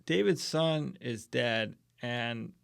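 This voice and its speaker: A man's voice: medium pitch, slow, gravelly, fairly bright tone, clean tone, dry recording, studio quality. A man co-hosting a casual Bible study podcast, reflecting thoughtfully on the reading and often agreeing with his partner.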